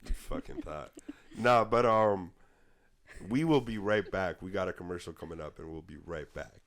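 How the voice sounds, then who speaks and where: Low-voiced man teasing on a podcast. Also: expressive, moderate pace, very noisy. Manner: teasing, banters and trash-talks his co-host. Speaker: podcast host. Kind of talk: casual podcast chat.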